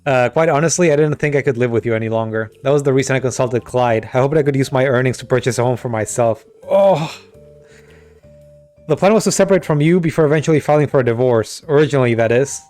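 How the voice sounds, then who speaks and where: A man voicing a stern, fed-up middle-aged wife who speaks in a cool, measured, scolding way. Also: mid-range voice, darkish tone, soft background music, lightly acted.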